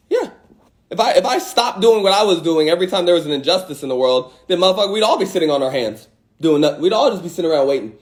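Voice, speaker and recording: A man hosting a casual livestream, talking into a phone with emphatic rhetorical questions and blunt swearing. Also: high-pitched. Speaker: host of an Instagram live. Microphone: phone mic.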